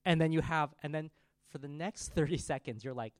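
A man in his thirties preaching a sermon, telling a family story in a conversational, animated way. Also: a little high, fairly quick, dry recording.

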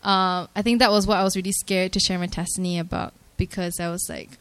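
A young woman from Malaysia, giving an earnest and softly emotional personal faith testimony at a church gathering, hesitant and full of filler words. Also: on the low side, little pitch movement, fast, clear, resonant tone, dry recording.

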